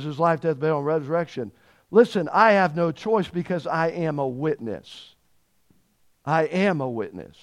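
A man's voice: a little high, lively intonation. A man preaching a sermon, leaning hard on key words and asking the congregation questions. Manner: emphatic, drawn-out stresses on key words.

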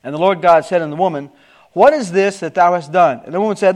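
A middle-aged man preaching a sermon with emphatic rises and sudden soft asides. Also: sits high, animated, fast.

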